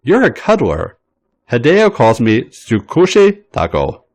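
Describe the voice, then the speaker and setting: A man voicing a bratty, playful young man who talks airily and breaks into high shrieks. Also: huge pitch swings, a little slow, darkish tone. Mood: drowsy. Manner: airy, whiny, high-pitched shrieks. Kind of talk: audiobook-style read fiction.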